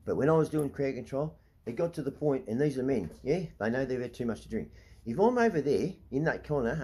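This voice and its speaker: A man's voice: mid-range voice, dark tone. A middle-aged Australian man ranting to camera, blunt and profane, repeatedly asking "right?" as he talks. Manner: heated, indignant. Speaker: vlogger.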